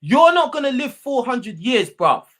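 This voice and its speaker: A London-accented man hosting a live call-in show argues heatedly with a caller, swearing and repeating slang tags as he talks over him. His voice is very high-pitched and a bit bright, with big pitch swings and an unhurried pace.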